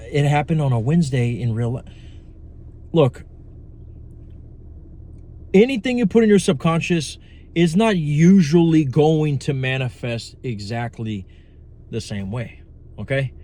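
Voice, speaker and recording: A young man with a mid-range, slightly dark voice talks casually to the camera as a manifestation coach. His monologue on manifestation is blunt, profane and rambling, packed with asides.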